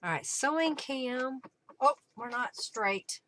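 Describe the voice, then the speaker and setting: A woman's voice: high voice, slow, pushed and bright, a little hiss or hum. A woman hosting a live crafting stream, chatting to viewers by name while narrating each step. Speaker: craft livestream host. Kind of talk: live crafting demo and chat.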